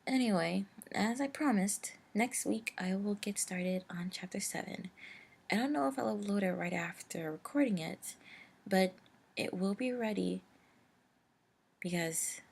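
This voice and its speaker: A woman reading a fan fiction story while sick with a cold. Her voice is hoarse, gravelly and breathy. She chats casually and apologetically to her listeners. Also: medium pitch. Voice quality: raspy, gravelly. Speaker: story reader.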